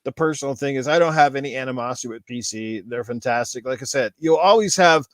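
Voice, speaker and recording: A man's voice: medium pitch, fast talker, fairly bright tone, no room sound. A man hosting a podcast, chatting casually, rambling and swearing as he reads donations. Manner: laid-back, swearing, rambling. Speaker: podcast host.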